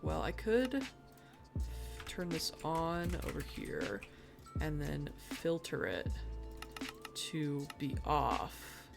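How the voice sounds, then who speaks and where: Slow, gravelly streamer muttering to themself. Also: medium pitch, big pitch swings. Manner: muttering self-talk, grumbling about mistakes. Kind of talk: live gameplay commentary. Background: background music and keyboard typing.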